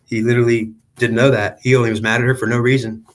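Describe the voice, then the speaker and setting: A man's voice: mid-range voice, level tone, fast talker. A man giving a rambling, repetitive spiritual monologue as a channeler, with frequent restarts.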